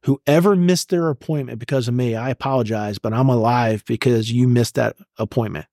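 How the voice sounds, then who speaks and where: With a warm, mid-range voice at normal speed, a retired command sergeant major, a middle-aged American, retells his experiences in an interview. The account is emotional, blunt, and laced with swearing. The studio sound is clean, with no room sound.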